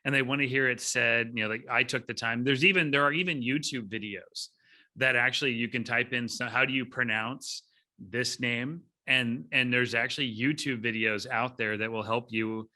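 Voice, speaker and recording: A man's voice: mid-range voice, fairly quick. A man hosting a podcast interview, chatty and upbeat in a casual conversational style. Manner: upbeat, chatty, lively delivery. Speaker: podcast host.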